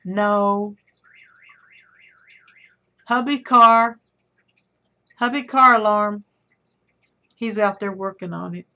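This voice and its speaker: A middle-aged woman hosts a casual livestream, unhurried as she chats with viewers and reads out their comments. She calls them honey and sweetheart. The audio is dull and lo-fi. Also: medium pitch, steady tone. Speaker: livestream host.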